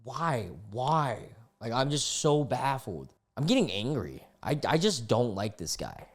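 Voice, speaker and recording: Exasperated young man with a lively voice. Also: medium pitch, a little slow. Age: 20s. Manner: exasperated, disgusted outbursts between readings. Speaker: online commentator. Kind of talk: reaction commentary reading posts aloud.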